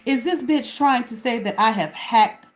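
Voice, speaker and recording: At normal speed and with a voice on the high side, a woman hosting her own small channel rants to camera at someone. She is profane and confrontational, and she keeps asking herself questions.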